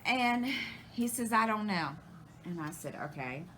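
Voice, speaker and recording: A woman's voice: medium pitch, animated, measured pace, background noise. A woman, chatting casually to her viewers and rambling through a family story, acting out past conversations. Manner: rambling, retells conversations, many restarts. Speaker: crafting channel host.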